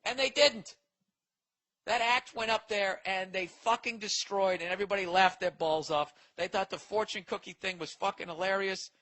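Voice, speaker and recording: A man's voice: sits high, fairly even intonation, moderate pace, few pauses, fairly bright tone, rough recording. A man hosting a comedy podcast, ranting profanely and rambling as he reacts to listener mail. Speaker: podcast host. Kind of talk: casual comedic podcast rant.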